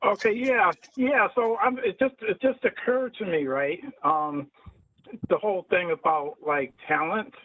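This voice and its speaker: A man on a video call rambles his way through a thoughtful question, restarting again and again. His voice is fairly high, and the call audio is thin and phone-like with no room sound. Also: measured pace, dry recording. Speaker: open mic participant. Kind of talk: casual chat on a video call.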